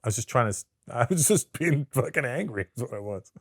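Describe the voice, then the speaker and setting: A man being interviewed, talking casually. He swears a lot, stammers through restarts and tells stories with lively put-on voices. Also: medium pitch, quick pace, no room sound, clean studio sound. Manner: profane, stammering restarts, animated storytelling with put-on accents. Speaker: comedian guest.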